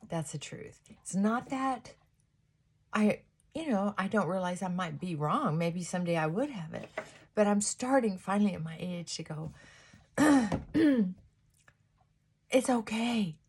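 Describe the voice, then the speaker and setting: A woman's voice: mid-range voice, expressive, measured pace, darkish tone, a little hiss or hum. A middle-aged woman vlogger chatting casually and reflectively while doing her makeup, rambling and trailing off mid-thought.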